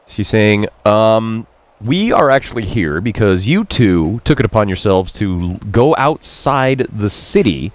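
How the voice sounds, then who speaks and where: Playing a Japanese game on stream, this man voices and translates the characters' dialogue with chatty self-mockery, going higher for quotes and lower for side remarks. He's expressive and a little slow.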